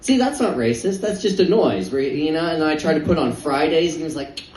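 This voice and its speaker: A man's voice: a little high, animated, brisk, a crowd in the background. A young man doing a stand-up set in a comedy club, rambling and stammering in a self-deprecating way. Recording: echoey club, distant mic.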